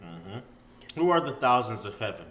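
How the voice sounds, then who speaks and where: A man in a casual scripture study who bluntly and coarsely throws in quick cross-references to other verses. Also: lowish voice, very animated, fairly bright tone. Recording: echoey room.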